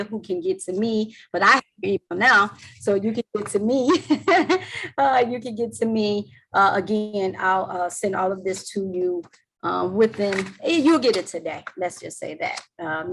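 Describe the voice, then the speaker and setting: A woman's voice: mid-range voice, poor audio. A woman presenter on a video call, wrapping up questions in a chatty way with many ums, her voice worn from talking all day. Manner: chatty, warm thanks, trails off with ums. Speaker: webinar presenter. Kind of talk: casual Q&A wrap-up on a video call.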